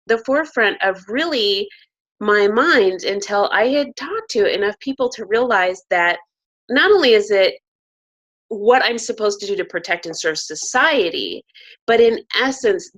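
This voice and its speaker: A woman's voice: medium pitch, lively intonation, measured pace, fairly bright tone, dull audio. A woman hosting a talk show, speaking earnestly and often affirming her guest. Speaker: host.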